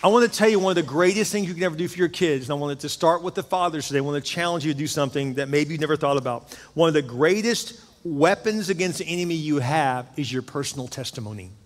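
A man's voice: a little high, fast. A pastor in his fifties preaching a sermon in a church sanctuary, emphatic and full of storytelling. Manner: emphatic preaching, storytelling with rising and falling intensity. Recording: long hall reverb.

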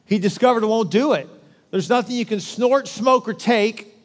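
A man's voice: sits high, normal speed, in a large hall. A man preaching a sermon in a joking, conversational way, with asides to the congregation. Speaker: pastor.

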